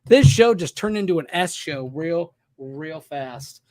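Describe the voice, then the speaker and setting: A man co-hosting a podcast in casual chat, joking and excitable, often cutting in. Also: sits high, normal speed. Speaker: podcast co-host.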